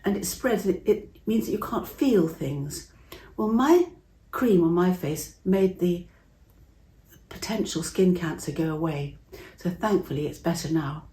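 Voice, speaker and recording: A middle-aged woman from England telling a Bible story to children in a chatty, expressive way, acting out the voices. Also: lowish voice, measured pace, echoey room, slight background noise.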